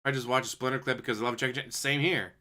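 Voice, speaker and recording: A man's voice: mid-range voice, steady tone, racing, pushed and bright. A man streaming commentary, answering a clip with sarcastic, mocking rebuttals. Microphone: desk USB microphone.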